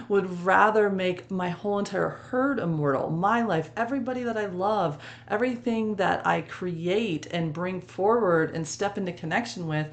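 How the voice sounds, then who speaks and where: A woman hosting a reflective spiritual podcast, telling a personal story and laughing often between phrases. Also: lowish voice. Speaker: podcast host.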